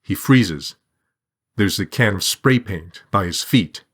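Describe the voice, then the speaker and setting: A man reading a short story aloud in a measured, even storytelling manner. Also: low voice, breathy edge. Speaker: narrator. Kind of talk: scripted narration.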